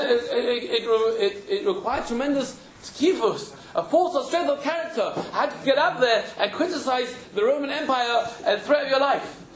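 A man's voice: very high-pitched, a little hiss or hum. A man teaching a Talmud class who explains emphatically and repeats words while he searches for the phrasing. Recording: roomy echo.

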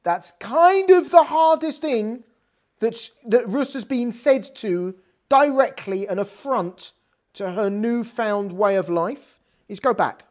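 A woman's voice: a little high, takes it slowly. A woman giving a conversational scripture lesson, explaining verses and acting out the quoted lines with attitude. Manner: animated, acts out quoted lines with sass. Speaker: Bible teacher.

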